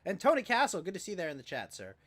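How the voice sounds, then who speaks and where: A man casually telling a profane, rambling story on a livestream, with lively acted quotes and many fillers. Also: high-pitched, rapid-fire. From California. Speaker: podcast co-host.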